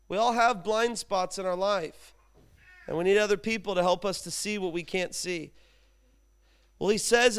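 High-voiced, animated man preaching. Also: clean tone. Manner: animated storytelling with humor. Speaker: pastor. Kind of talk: sermon.

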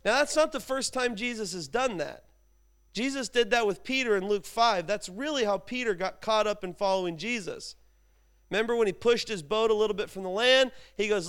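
High, clear-voiced man preaching casually. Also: brisk, fairly bright tone. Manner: informal, chatty storytelling with asides to the congregation. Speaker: pastor. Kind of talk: conversational sermon.

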